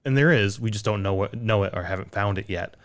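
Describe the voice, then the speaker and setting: A man's voice: lowish voice, quick pace, fairly bright tone. An American man co-hosting a metal music podcast, chatting casually and rambling with self-deprecating jokes. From United States. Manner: rambling, self-deprecating, laughs at own slips. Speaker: podcast co-host. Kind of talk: casual chat.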